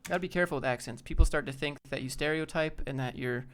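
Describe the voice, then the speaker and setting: A man's voice: a little high, fast talker, slight background noise. A young man hosting a casual live stream, thinking aloud as he browses job listings and answers viewers.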